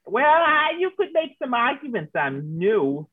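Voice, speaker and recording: A man's voice: very high-pitched, big pitch swings, a little slow, no room sound, pitched above the performer's own voice, full character voice. A man voicing a folksy male mountain hermit who makes hooch, with a drawling frontier way of talking. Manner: drawling frontier talk, rough grammar. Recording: tinny phone-like call line.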